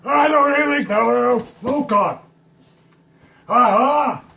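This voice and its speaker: Young male streamer, high gravelly voice, slow silly rambling with sudden shouts. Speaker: live streamer. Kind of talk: goofy solo live stream.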